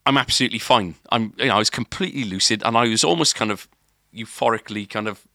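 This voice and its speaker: Fast-talking and forceful, this man has a fairly low, bright voice, captured in studio quality without echo. As a podcast co-host, he tells a long, casual story in a rambling way, filling gaps with filler and starting over often.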